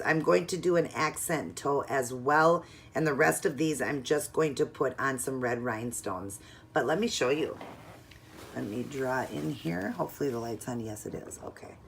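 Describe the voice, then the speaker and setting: A woman's voice: deep voice, vocal fry, a bit bright, slight background noise. A woman narrating a casual, step-by-step nail art tutorial at home in a chatty, instructive way.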